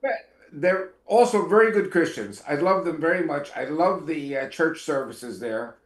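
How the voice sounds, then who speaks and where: A man's voice: a little high, normal speed, reverberant. A man from Israel, a guest in a casual interview, talking earnestly with wry asides and hesitant fillers.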